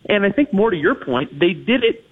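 A man's voice: high voice, very animated, a little fast, husky. A man analysing hockey as a guest in a radio interview, talking in long runs full of restarts and fillers. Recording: tinny phone line on radio.

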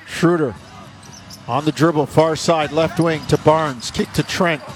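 A man's voice: a little high, fairly even intonation, slight background noise. A man calling basketball play-by-play in clipped bursts that rise on made shots. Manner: rapid clipped calls, rising on made shots. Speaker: play-by-play announcer.

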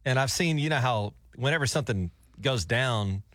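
Easygoing radio co-host, dry studio. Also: male voice, medium pitch, animated, normal speed, fairly bright tone, no room sound. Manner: easygoing, laughs often. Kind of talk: casual morning show banter.

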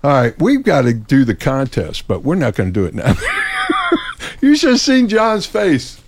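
A man's voice: medium pitch, wildly swooping pitch, normal speed, slightly rough, dry recording. A man hosting a casual radio talk show, playful and boastful, laughing often.

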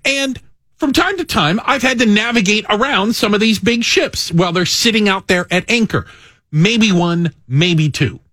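A man hosting a radio talk show, chatting casually, animated and self-mocking, with frequent restarts. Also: sits high, normal speed, no room sound, clean studio sound. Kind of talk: casual on-air banter.

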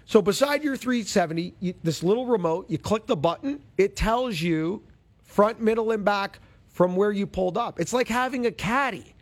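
High, lively chatty male show host. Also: normal speed. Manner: chatty, animated, self-deprecating. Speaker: golf radio show host. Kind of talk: casual show chat and ad read.

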